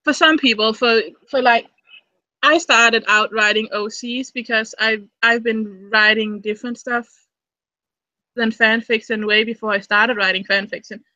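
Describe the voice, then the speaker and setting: A woman in her thirties talks casually as co-host of a live stream. Her voice is bright and sits a little high. The sound is dry, with no room echo, and she often repeats a word as she gets going. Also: steady tone, unhurried, dull audio. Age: 30s. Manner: chatty, repeats words when starting thoughts.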